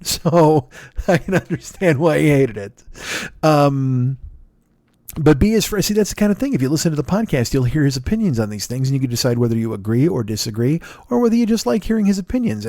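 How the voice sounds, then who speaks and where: A tired man in his forties hosting a comedy podcast, rambling through shout-outs with yawns, swearing and self-mockery. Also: medium pitch, lively intonation, quick pace, no echo, studio quality. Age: 40s. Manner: rambling, profane, self-mocking, sleepy. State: tired and yawning. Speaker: podcast host. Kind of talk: solo comedy podcast plug segment.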